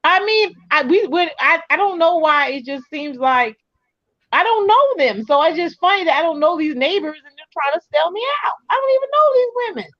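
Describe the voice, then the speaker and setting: A woman in casual chat, telling an animated story full of quoted dialogue. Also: very high-pitched, a little fast, highs cut off. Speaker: co-host.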